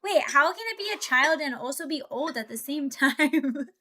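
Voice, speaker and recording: High bright chatty woman streamer. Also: lively intonation, moderate pace. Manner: chatty, playful, talks to chat and to the pieces. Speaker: VTuber streamer. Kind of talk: casual live-stream chat while building Lego.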